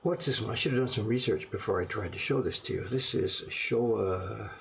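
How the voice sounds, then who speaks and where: A man's voice: lowish voice, normal speed, creaky, few pauses, a little hiss or hum. A man casually showing his collection of small prints to the camera, rambling and musing aloud in a self-deprecating way. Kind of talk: casual show-and-tell to camera.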